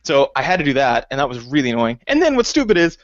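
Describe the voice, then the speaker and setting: A man co-hosting a casual podcast chat, talking lively and slipping into high, exaggerated quoted voices. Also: quick pace, dry recording. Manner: animated, jumps into high acted quotes. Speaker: podcast co-host. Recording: dull dry lo-fi recording.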